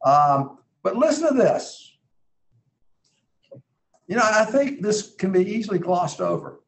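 A man's voice: sits high, big pitch swings, unhurried, a little hiss or hum, poor audio. A man teaching a Bible class in a conversational way, earnest and emphatic, thinking aloud as he reads scripture.

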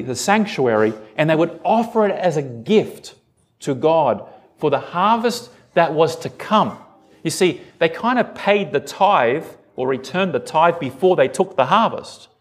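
A man preaching a sermon, reading scripture and asking his congregation questions as he goes. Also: a little high. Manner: animated, asks the congregation questions. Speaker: pastor.

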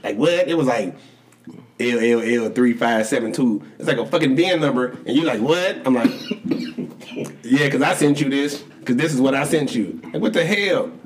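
A man co-hosting a casual sports chat, telling stories animatedly, jumping into high voices to act out quotes and laughing often. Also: moderate pace, slight background noise. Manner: animated storytelling, acts out quotes with big pitch jumps, swears a lot. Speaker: podcast co-host.

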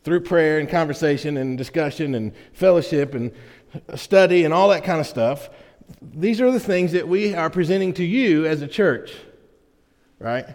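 A man's voice: fairly high pitch, lively intonation, moderate pace, a little mellow, in a large hall. A man preaching a conversational sermon as pastor of a church, folksy and full of "right?" check-ins with his congregation. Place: church sanctuary.

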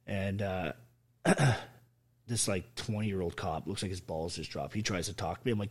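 An army veteran tells his story as an interview guest in a blunt, emphatic, heavily profane way. His voice is low, at a moderate pace.

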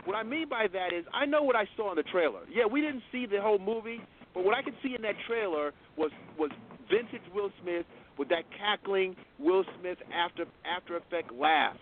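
Man, radio host, high voice, insistent, call-in talk, tinny phone-like sound. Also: animated, fairly quick, a little hiss or hum. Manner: insistent, talks over interruptions. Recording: phone-like lo-fi line.

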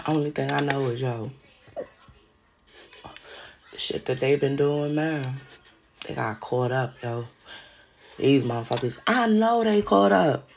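Gravelly-voiced woman ranting, profane and agitated. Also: medium pitch, a little hiss or hum. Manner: agitated, profane, repeats herself. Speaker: podcast host. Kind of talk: casual monologue to listeners. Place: home.

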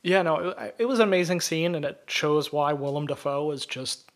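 Man retelling a film scene, animated. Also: a little high, normal speed. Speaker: podcast co-host. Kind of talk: casual film discussion.

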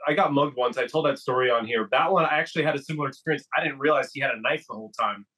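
Co-host, man: relaxed, husky, mid pitch. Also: very fast. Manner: laid-back, short reactions. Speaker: podcast co-host. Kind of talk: casual chat.

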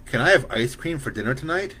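A man voicing an eager little boy with superpowers who gets excited and whines when told no. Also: medium pitch, fast, husky, voice pushed up.

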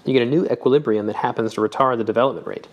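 A man's voice: medium pitch, very fast, dull audio, lightly acted. A man reading the part of an eager young scientist who speaks emphatically.

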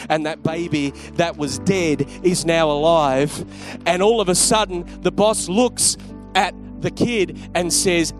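A man preaching a sermon, telling a story and then urging his listeners on with rising emphasis. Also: on the high side.

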